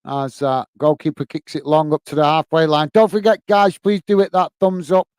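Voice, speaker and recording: A man from England hosting a fan watch-along, giving excited live match commentary and reading out chat comments. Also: on the high side, normal speed, clean tone, no room sound.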